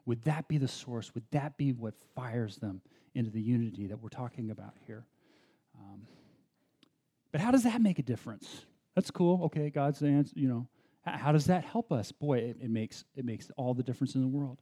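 A man preaching a sermon as pastor in a church, conversational and animated, with self-deprecating asides. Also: mid-range voice, a little fast, husky.

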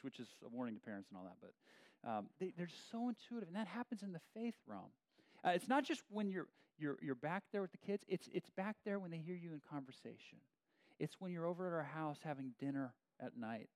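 A man's voice: on the high side, dry recording. A man preaching a sermon as a pastor, in a conversational way with frequent restarts. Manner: conversational, animated with many restarts.

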